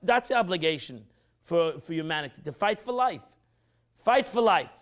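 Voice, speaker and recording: A man teaching an informal Torah class as a rabbi, animated and repetitive, acting out quotes as he explains. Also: a little high, normal speed. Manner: animated, repeats phrases, acts out quotes.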